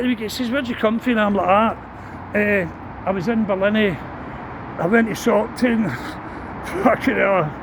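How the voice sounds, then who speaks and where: A middle-aged Scottish man rambles through a sweary walk-and-talk story, his voice sitting fairly high. He records on a phone as he walks a town street. Loud traffic runs behind him the whole time. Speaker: vlogger.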